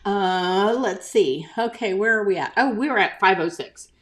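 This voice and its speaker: A woman's voice: mid-range voice, normal speed, a bit bright. An older woman chatting casually on a live stream as a craft shop owner, greeting viewers by name and reading out their comments.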